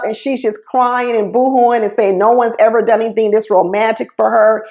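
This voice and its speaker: A woman's voice: on the high side, moderate pace, hardly any pauses. Gushing, chatty woman recapping TV. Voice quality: chatty, gushing, many fillers. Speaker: reality TV recap vlogger. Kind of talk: casual episode recap.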